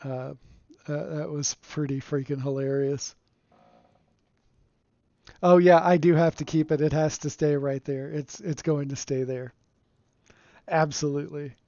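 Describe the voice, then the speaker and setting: A man streaming a game, giving relaxed, rambling commentary and chuckling often, recorded on a home streaming mic. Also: a little high, measured pace, long pauses, no room sound. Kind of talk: casual gameplay commentary. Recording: dull lo-fi dry sound.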